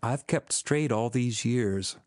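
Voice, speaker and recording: A man voicing a devoted, defiant young working-class woman who pleads softly and earnestly in an audiobook. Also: medium pitch, takes it slowly, dry recording, studio quality, natural voice.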